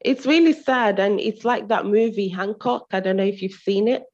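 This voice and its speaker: A woman's voice: medium pitch, moderate pace, a crowd in the background. Emphatic woman from Nigeria, lo-fi sound. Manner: emphatic, repeats key phrases. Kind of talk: casual podcast conversation. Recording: dull lo-fi recording.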